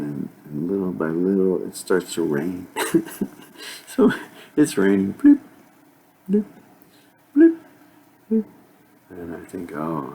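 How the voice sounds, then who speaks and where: Gravelly, husky older man telling a story. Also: fairly low pitch, a little mellow. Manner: rambling, chuckling, with sound effects. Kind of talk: casual spoken anecdote.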